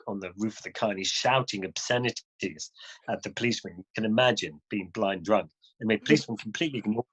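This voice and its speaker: A man as an interview guest, telling a story in a casual, animated way, often restarting phrases and chuckling. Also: on the low side, husky, poor audio.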